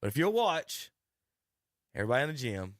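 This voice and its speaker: A middle-aged man, hosting sports talk radio and telling a rambling, animated coaching story with many restarts. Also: mid-range voice, brisk, dry recording, studio quality. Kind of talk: casual radio chat narrating a video clip. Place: radio studio.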